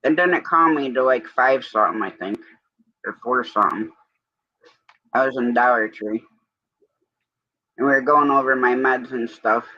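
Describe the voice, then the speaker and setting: Bright-voiced man rambling in casual chat. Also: medium pitch, moderate pace, long pauses, dry recording, muffled recording. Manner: rambling storyteller, quoting others with "I said". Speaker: livestream host.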